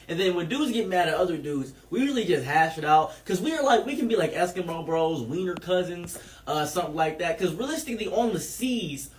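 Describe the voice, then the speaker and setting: A man improvising absurd comedic answers in a deadpan, rambling way with lots of fillers. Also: high voice. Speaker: comedy creator answering questions.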